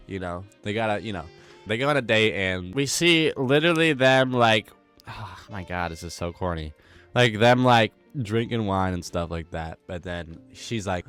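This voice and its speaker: A man's voice: mid-range voice, fairly bright tone, smooth. A young man giving a casual, rambling, wisecracking recap commentary, full of slang. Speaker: commentary host.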